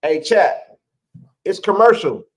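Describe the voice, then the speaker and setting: Man, high voice, casual streamer, slangy, chatty with viewers. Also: expressive, takes it slowly, rough recording. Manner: slangy, talks to the chat, laughs often. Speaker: live stream co-host. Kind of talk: casual live stream game chat.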